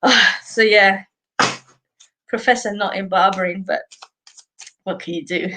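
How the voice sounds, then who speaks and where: A woman's voice: medium pitch, a little slow, bright, forceful tone. A middle-aged Australian woman hosting a live stream, chatting casually with viewers in a rambling way and laughing often. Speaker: host.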